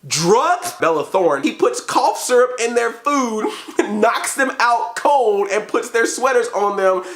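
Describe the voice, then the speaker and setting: A man giving a comedic movie review, animated and mock-outraged, often breaking into laughter. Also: extremely high pitch, slow pace, roomy sound.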